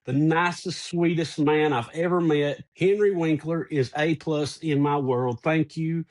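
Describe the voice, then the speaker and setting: A middle-aged man co-hosting a casual podcast, telling a personal story in an animated way. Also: a little high, measured pace. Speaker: podcast co-host.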